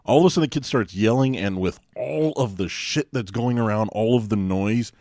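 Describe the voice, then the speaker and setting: A man co-hosting a casual movie podcast with a rather low voice. He moves the discussion along point by point, working from his notes. The recording is dry and close. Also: normal speed, a little mellow, no room sound. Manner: steers the talk, brings up points from his notes. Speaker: podcast co-host. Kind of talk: casual movie-review chat.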